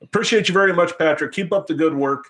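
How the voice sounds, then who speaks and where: An older man hosts a casual live stream about racing, rambling along with jokes and crude asides. He talks loosely and warmly with his co-hosts, drifting between gratitude and gags. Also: a little high, quick pace. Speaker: host.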